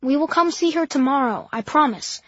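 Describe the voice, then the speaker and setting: A woman's voice: high voice, animated, normal speed, fairly bright tone. A woman voicing a worn-out father who speaks in a tired, subdued, pleading way. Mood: weary. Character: weary, worn-out father, low and quiet. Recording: dull dry lo-fi.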